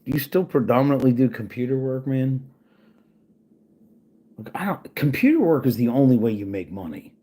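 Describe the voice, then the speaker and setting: A man with a husky, slightly rough voice rants to his own audience, swearing freely and turning sarcastic. His pitch swings widely as he talks, rising sharply when he gets angry. He mutters asides while working at a computer. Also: animated, normal speed, long pauses, dark tone. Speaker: channel host. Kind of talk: casual rant to camera.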